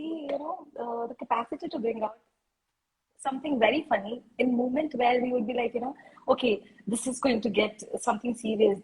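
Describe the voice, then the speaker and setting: A woman hosts a book club interview over a video call. Her voice is high and very breathy. She searches for words and fills pauses with "um" and "you know". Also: poor audio. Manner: hesitant, searching for words with many fillers. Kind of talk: interview questions.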